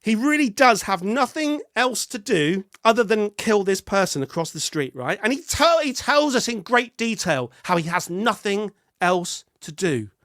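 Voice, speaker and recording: A man with a high voice talks film on a podcast, animated and quick to laugh. He is recorded close and dry, with no room sound. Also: no echo. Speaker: podcast co-host. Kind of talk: casual film review chat.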